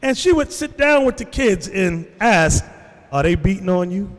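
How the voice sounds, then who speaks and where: A man preaches in an animated way, his fairly high voice swinging widely in pitch. He tells stories to his congregation and acts out voices along the way. A long reverb hangs on every word, as in a big hall. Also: normal speed. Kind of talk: sermon.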